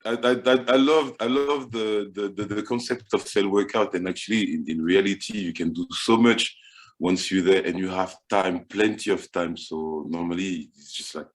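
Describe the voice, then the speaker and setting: Low-voiced stammering French-accented man. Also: normal speed. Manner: stammering, repeats words. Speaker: guest fitness coach. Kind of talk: casual video-call interview.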